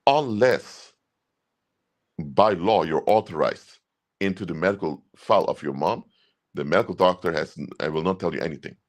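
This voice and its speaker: A man's voice: low voice, lively intonation, normal speed. A man speaking as a consultant, giving earnest, emphatic advice and repeating his key points. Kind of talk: advice talk to camera.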